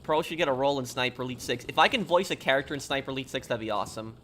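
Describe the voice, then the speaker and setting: A man's voice: mid-range voice, very fast, a bit bright, a little hiss or hum. A man streaming a video game, chatting casually and rambling through answers to viewers' questions. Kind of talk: casual live-stream chat while gaming.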